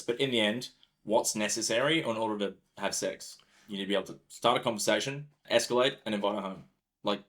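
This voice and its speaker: A male dating coach talks in a slightly low voice. He is frank and emphatic, and he swears casually as he makes his points. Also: fairly bright tone.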